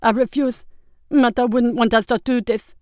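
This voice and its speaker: Woman voicing a frightened young man, whiny, high-pitched, bawling, crisp voice, dry close sound. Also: steady tone, normal speed, no echo, lightly acted. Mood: pleading. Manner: high, pleading, too loud.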